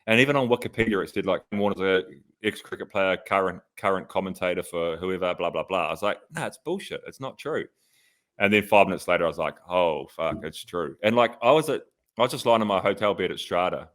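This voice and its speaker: Deep-voiced and fast-talking, with a slight brightness, this podcast co-host and ex-professional cyclist chats casually and spins stories packed with "like" fillers.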